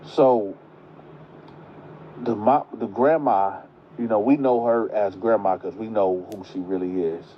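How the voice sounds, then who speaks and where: Slow laid-back man telling a story. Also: fairly low pitch, a little hiss or hum. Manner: animated, conversational, addresses viewers as y'all. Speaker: storyteller vlogger. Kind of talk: casual storytelling. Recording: muffled lo-fi recording.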